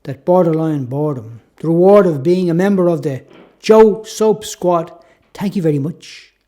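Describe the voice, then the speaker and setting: A man's voice: on the high side, moderate pace, dark tone. A man reading his own story aloud as a reflective, first-person audiobook narration.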